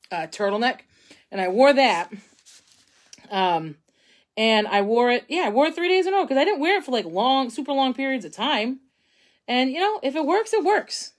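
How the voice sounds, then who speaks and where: A woman's voice: on the high side, a bit bright. A young woman hosting a casual painting tutorial, chatting and thinking aloud as she works, often poking fun at her own mistakes. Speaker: craft instructor.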